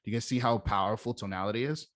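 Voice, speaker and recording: A young man with a somewhat low voice coaches sales skills in an easygoing, emphatic style, acting out lines to show how stress changes meaning. The sound is dry and close, with little room echo. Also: racing, a bit bright. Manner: emphatic, demonstrates phrasings by stressing different words. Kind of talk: casual instructional talk.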